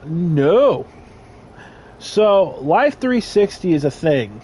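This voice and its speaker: A man's voice: fairly high pitch, sing-song, very slow, slight background noise, low-quality recording. A young man telling a crude, rambling story in casual chat, trailing off with fillers. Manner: rambling, crude, loud laughing bursts.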